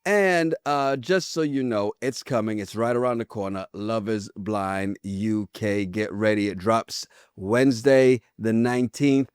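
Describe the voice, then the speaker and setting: A man co-hosting a casual podcast who teases his friend and promotes the show with playful, dramatic pauses. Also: lowish voice, clear, resonant tone, dry recording, studio quality. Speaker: podcast co-host. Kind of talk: casual chat.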